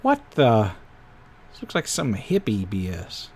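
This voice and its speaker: A man's voice: on the low side, huge pitch swings, unhurried, darkish tone, slight background noise. Man rambling through game PDFs on stream. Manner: thinking aloud while paging through files, with frequent wry asides. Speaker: host reviewing tabletop game PDFs. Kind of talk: casual live-stream commentary.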